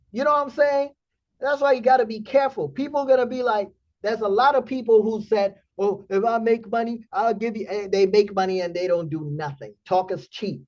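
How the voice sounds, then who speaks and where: A man hosting a trading community stream, telling a story in blunt, animated casual talk with profanity. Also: high voice, muffled recording.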